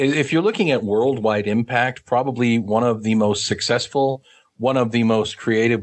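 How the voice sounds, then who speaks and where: Thoughtful male podcast co-host. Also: fairly low pitch. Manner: thoughtful, hesitant with fillers. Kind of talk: casual podcast chat.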